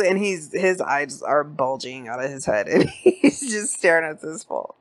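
A woman podcast host recapping a film in a casual, profane, animated way, laughing as she tells it. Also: low voice, unhurried.

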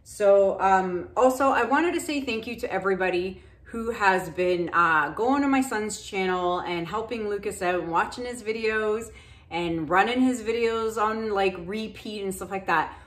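A woman's voice: mid-range voice, moderate pace. A middle-aged woman hosting her painting channel, chatting casually and gratefully to viewers with plenty of fillers. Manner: chatty, thankful, loose with fillers. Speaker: acrylic pour painting channel host.

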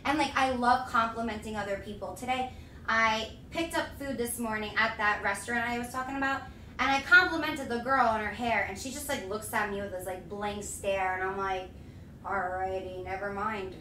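Young woman streamer, gushing and breathless, high voice, recorded from a distance in an echoey room. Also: a little fast, pushed and bright, a little hiss or hum. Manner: bubbly, effusive, giggly. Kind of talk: casual live-stream chat.

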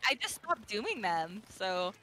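A woman chatting casually while gaming on a stream, excitable and profane. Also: mid-range voice, slow pace, slight background noise, low-quality recording. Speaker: guest gamer.

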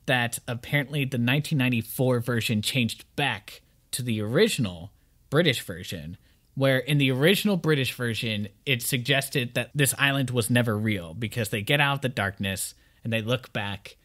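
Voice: medium pitch, fairly bright tone. A podcast co-host discussing a book thoughtfully, sometimes repeating words while thinking.

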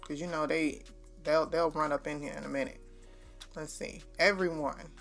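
A woman's voice: low-pitched, fairly even intonation, normal speed, vocal fry, a bit bright, soft background music. A young adult woman hosting a gaming channel, chatting straight to her viewers as she plays. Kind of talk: casual gameplay commentary.

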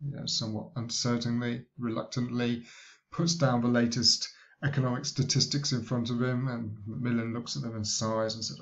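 A male university lecturer giving a recorded lecture, talking in a halting way with many restarts. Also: medium pitch, highs cut off. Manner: hesitant, many fillers and restarts.

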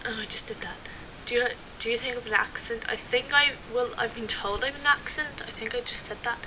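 A woman's voice: on the high side, noisy background. A young woman with a Dublin Irish accent doing a casual accent-challenge vlog, chatty and giggly, with lots of fillers. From Dublin, Ireland. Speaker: vlogger.

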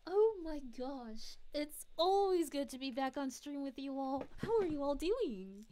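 A woman voicing a gentle, motherly cosmic princess, chatting sweetly and giggling as she reads chat messages on a live stream. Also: sits high, very animated, measured pace. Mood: cheerful. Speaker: VTuber streamer.

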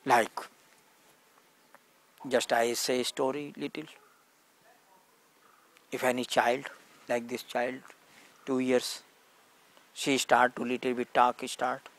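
A man's voice: medium pitch, flat delivery, takes it slowly, long pauses, a bit bright. A man giving an earnest spiritual talk in simple, broken English, acting out stories as he teaches. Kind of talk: satsang talk with storytelling.

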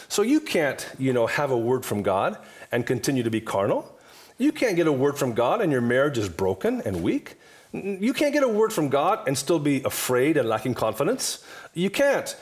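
A man's voice: medium pitch, wildly swooping pitch, normal speed. A man in his fifties, a guest minister, talking in an emphatic, repetitive preaching cadence during a table talk. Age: 50s.

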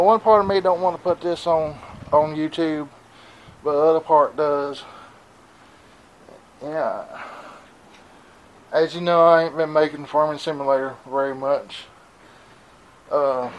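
A man's voice: a little high, slight background noise, poor audio. A man, talking in a rambling, worried way in a casual vlog, out of breath and with a stuffy nose, recorded outdoors on a handheld camera. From Southern United States. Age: 40s. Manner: rambling, worried, plain-spoken. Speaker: vlogger. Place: outdoors in wind.

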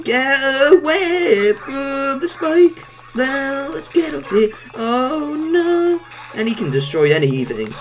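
A woman giving gameplay commentary, exclaiming and reacting loudly to what happens in the game. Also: sits high, sing-song, slow, pauses often, soft background music. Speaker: let's play gamer.

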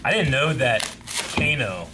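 Excitable guy cohosting, voice jumps all over, noisy background hiss. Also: mid-range voice, unhurried. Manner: excitable, playful. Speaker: co-host. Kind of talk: casual chat. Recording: noisy room recording.

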